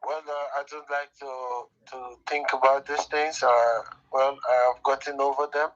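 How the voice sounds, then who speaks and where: A man on a call, hesitant and halting, full of uhs, then rushing through some phrases. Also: mid-range voice, little pitch movement, a bit bright. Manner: hesitant, many uhs, rushed bursts. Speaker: caller. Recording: tinny phone line.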